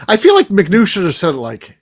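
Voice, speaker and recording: A man co-hosting a podcast roundtable, chatting casually and telling stories in an animated way. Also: high voice, moderate pace. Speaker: podcast co-host.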